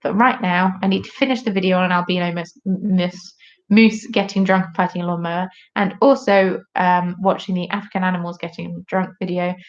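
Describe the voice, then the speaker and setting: A woman's voice: lowish voice, fairly even intonation, fairly quick, muffled recording. A British woman from the UK, hosting a casual live stream with a chatty, jokey, rambling manner. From United Kingdom.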